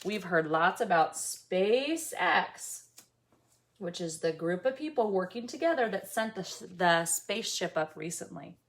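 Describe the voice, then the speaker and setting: A woman teaching an online lesson to young children, slow and sing-song in a teacherly way. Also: fairly low pitch, sing-song, fairly bright tone.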